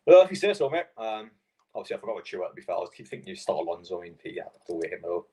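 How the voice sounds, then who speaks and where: Hosting a casual football watchalong stream, a young man with a deep, darkish, slightly rough voice talks rapid-fire in a steady tone. He rambles between fillers and swears out of frustration.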